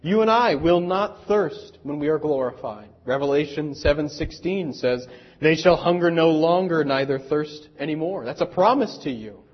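A pastor preaching a sermon in an earnest, deliberate way with dramatic pauses, also turning to speak to the children. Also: male voice, a little high, lively intonation, slightly rough, highs cut off. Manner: speaks directly to children in the congregation.

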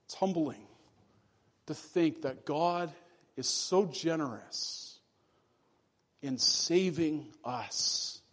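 A man preaching a sermon to his congregation, earnest and deliberate, slowing down and dropping his voice to stress key phrases. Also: on the high side, a bit bright. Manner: earnest preaching, slows and drops for emphasis. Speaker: pastor.

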